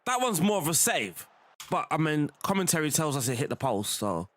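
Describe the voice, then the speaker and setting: A man's voice: fairly high pitch, big pitch swings, fairly quick, a bit bright. A young man, chatting casually while playing a football management game, laughing often and calling the viewer "bro". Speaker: gaming streamer.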